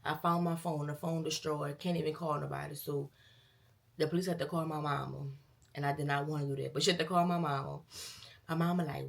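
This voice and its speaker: Young woman, low gravelly voice, chatty storytime vlogger who acts out the dialogue. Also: normal speed. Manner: animated retelling with quoted dialogue, addresses viewers as girl and y'all. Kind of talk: casual storytime.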